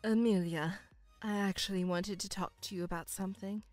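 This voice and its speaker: A woman's voice: mid-range voice, steady tone, brisk, over music, voice pushed down, natural voice. A woman voicing a self-pitying, controlling middle-aged mother who whines and stammers in outbursts, in a dramatized story. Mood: wailing.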